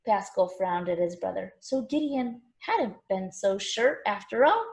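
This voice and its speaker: A woman reading a children's novel aloud with expressive, animated storytelling. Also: medium pitch, a little slow, gravelly. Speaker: narrator.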